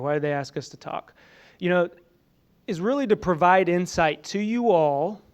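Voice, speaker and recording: A man giving a conversational conference presentation to a room of colleagues, often saying "you know" and asking the audience questions. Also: on the high side. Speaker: presenter at a training summit.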